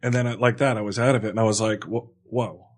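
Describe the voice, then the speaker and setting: Podcast host, male, low-ish voice, loose rambling storyteller with plenty of cursing. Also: steady tone, very fast. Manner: rambling storytelling, many filler likes, swears freely. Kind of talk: casual chat.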